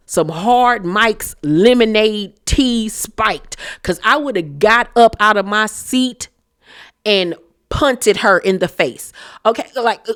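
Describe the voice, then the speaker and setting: A young woman recapping reality TV, talking bluntly and heatedly, swearing often. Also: on the low side. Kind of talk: profane opinionated recap chat.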